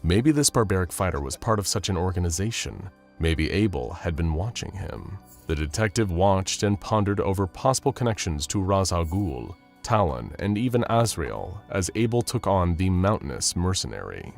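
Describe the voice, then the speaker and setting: A man narrating a scripted action story in a steady, dramatic storytelling manner. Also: deep voice, moderate pace, creaky, faint music behind.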